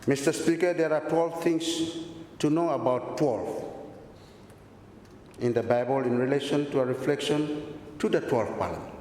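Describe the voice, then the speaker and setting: A man's voice: moderate pace, a little mellow. A man from the Solomon Islands giving a formal parliamentary speech, repeatedly addressing the Speaker and listing numbered points. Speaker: member of parliament. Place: large parliament chamber. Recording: echoey chamber recording with a faint rumble.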